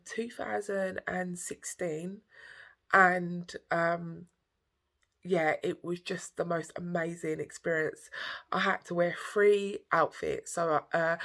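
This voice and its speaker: A woman's voice: on the low side, vocal fry, fairly bright tone. A woman in her thirties talking candidly in a vlog, heartfelt and tearful, rambling with many fillers. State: tearful, emotional. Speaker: vlogger.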